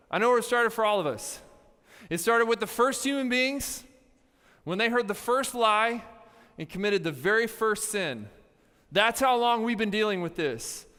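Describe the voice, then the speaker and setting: A young man giving a youth camp sermon, telling stories with playful asides and lively energy. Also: high-pitched, in a large hall. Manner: animated storytelling with playful asides. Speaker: youth pastor. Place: large hall with a live audience.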